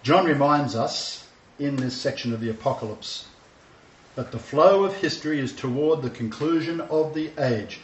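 A man with a slightly high voice delivers a sermon-style lecture at a moderate pace, emphatic and repeating his key phrases. The recording sounds distant, roomy and dull.

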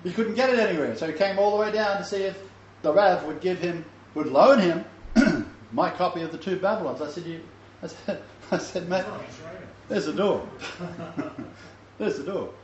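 A man's voice: sits high, normal speed, darkish tone, a little hiss or hum. An older man teaching a Bible lesson, rambling in a chatty storytelling way with many fillers. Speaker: teacher of a Messianic Bible study. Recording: echoey, slightly dull room recording with faint ambience.

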